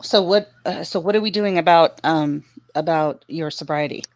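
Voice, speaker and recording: A woman on a live stream speaking gently and with concern, offering help. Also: sits low, moderate pace, no echo. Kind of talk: caring live chat.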